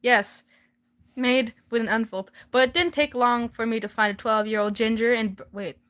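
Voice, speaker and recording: A woman's voice: fairly high pitch, fairly even intonation, moderate pace, fairly bright tone. A young woman casually reading her old fanfiction aloud for laughs, giggling and stumbling over the words.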